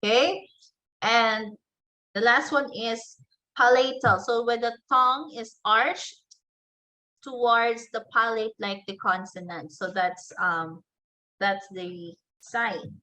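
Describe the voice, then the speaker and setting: A woman teacher giving an online class lecture, slowly explaining and spelling out example words one at a time, with frequent fillers and restarts. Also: on the high side, fairly even intonation, bright, forceful tone, rough recording. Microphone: computer microphone in an online class.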